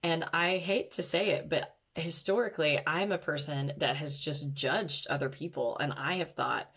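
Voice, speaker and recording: Low-pitched woman, candid solo podcast host, reflective monologue. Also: normal speed, a bit bright, slightly rough. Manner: candid, reflective, laughs at herself.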